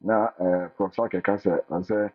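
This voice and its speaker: A man gives lively, casual advice, often repeating and restarting his words. His voice is low and husky. It comes through a thin, phone-like line with faint music behind it. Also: moderate pace. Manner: animated, repeats words and restarts, acts out quotes. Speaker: international teacher sharing his experience.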